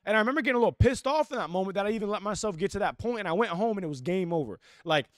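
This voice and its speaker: A young man giving an intense, preachy motivational talk as an athletic coach, casual and full of filler slang, swinging between loud and hushed. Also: high voice, expressive, racing, dry recording, studio quality. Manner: casual with lots of "like" and "freaking".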